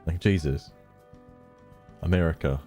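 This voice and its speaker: A man's voice: extremely low pitch, unhurried, dark tone, faint music behind. A man doing casual sarcastic commentary as a streamer while he reads social media posts aloud, laughing as he goes. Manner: sarcastic, laughing, mocking voices when reading.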